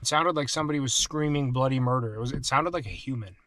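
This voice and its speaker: A man talks to his camera in a loose, rambling way, full of ums and restarts, with a voice of ordinary pitch. He records outdoors on a camera mic. A faint outdoor hiss sits under his voice. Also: quick pace. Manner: rambling, frequent fillers, grows hushed and frightened. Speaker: vlogger camping in his truck. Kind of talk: casual vlog talk to camera. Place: outdoors in wooded lot, later inside truck.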